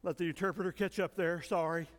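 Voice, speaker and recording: High-voiced man preaching in a reverberant hall. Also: fairly even intonation, fast talker. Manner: storytelling, acts out dialogue. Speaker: pastor. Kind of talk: sermon with an interpreter. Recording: long reverb in a large hall.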